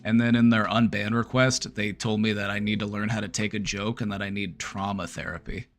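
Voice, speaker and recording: A man's voice: lowish voice, little pitch movement, a little fast, soft background music. A man hosting a livestream, talking casually and bluntly to his chat, swearing freely. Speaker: livestream host.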